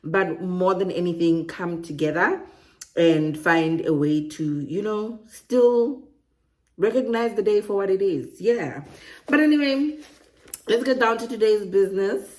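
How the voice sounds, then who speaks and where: A woman's voice: mid-range voice, measured pace, a little mellow. A woman vlogging about relocating, chatty and digressive, often laughing at her own asides. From South Africa. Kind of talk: casual to-camera monologue.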